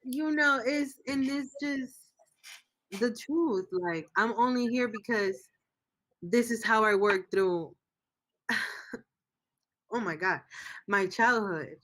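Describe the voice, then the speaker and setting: A woman's voice: a little high, takes it slowly, pauses often, fairly bright tone. A woman guest in a casual livestream interview, talking in an emotional, rambling way as she searches for words.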